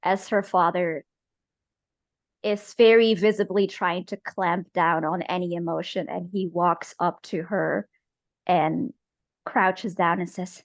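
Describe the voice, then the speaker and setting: A woman narrating as game master of a tabletop game. She speaks slowly and haltingly, pausing often. The sound is dry and close. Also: lowish voice, fairly even intonation, no echo. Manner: halting, many filler pauses.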